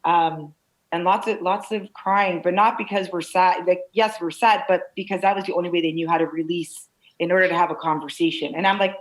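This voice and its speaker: A woman's voice: fairly low pitch, brisk, poor audio. Candid woman telling stories in an interview. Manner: animated, candid storytelling with many restarts. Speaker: real estate broker owner. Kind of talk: conversational interview answer. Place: video call.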